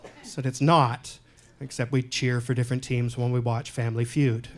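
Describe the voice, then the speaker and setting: A male stand-up comedian from Canada doing a set in a comedy club, deadpan and self-deprecating, with loud punchlines. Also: medium pitch, normal speed, very noisy.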